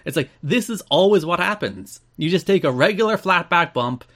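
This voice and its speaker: A man's voice: a little high, expressive, normal speed, a bit bright. Irish man co-hosting a chatty podcast. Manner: reads news items then riffs loosely. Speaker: podcast co-host. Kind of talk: casual chat.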